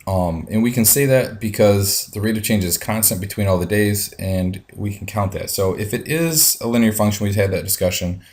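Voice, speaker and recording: Male teacher, low and steady, walking students through math steps with plenty of ums. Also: moderate pace, hardly any pauses. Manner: talks through each step aloud, frequent ums. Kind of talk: screencast lesson.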